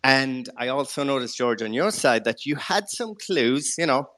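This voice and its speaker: An Irish man speaks as a guest in a casual chat. He is polite and reflective, pausing on fillers as he builds toward his question. His voice sits mid-pitch and sounds dry and close. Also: animated, bright, forceful tone, no echo.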